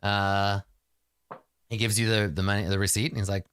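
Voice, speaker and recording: A man's voice: lowish voice, level tone, moderate pace, a bit bright, clear, resonant tone, no room sound, studio quality. A man narrating a tabletop game as game master in a casual, rambling way. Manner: casual, rambling, many fillers.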